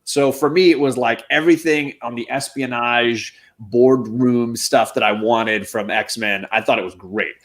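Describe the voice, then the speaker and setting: A man's voice: mid-range voice, steady tone, unhurried, few pauses. A man co-hosting a casual comic book live stream, upbeat and joking as he reads out names from the chat. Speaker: comic book show co-host.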